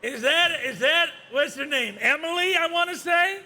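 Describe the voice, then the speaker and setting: A man's voice: very high voice, lively intonation, normal speed, bright, forceful tone, voice pushed up, heavily acted. A man voicing an ancient male kobold mechanic who talks in a blustering, incredulous way. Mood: bewildered.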